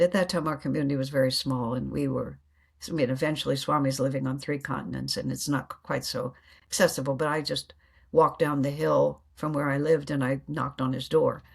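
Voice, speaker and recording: A woman's voice: low voice, steady tone, fairly quick, vocal fry, breathy edge. A woman guest telling reflective spiritual stories in an earnest way, laughing often and acting out her inner dialogue.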